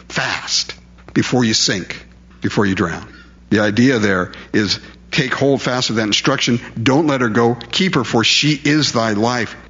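A man preaching a sermon, animated and full of rhetorical questions, acting out quotes in different voices. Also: mid-range voice, breathy edge. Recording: dull lo-fi recording.

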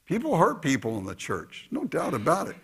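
A man preaching a sermon, dropping to quiet asides and rising to loud exhortation. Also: fairly high pitch, huge pitch swings, brisk, slightly rough. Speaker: pastor.

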